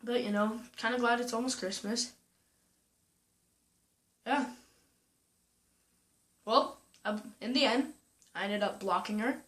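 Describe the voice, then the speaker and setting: A young woman vlogging casually, retelling a story with lots of "like" and quoting people in a higher voice. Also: slow, pauses often, fairly bright tone. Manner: chatty, full of "like" and "I'm like", quoting others in a higher voice.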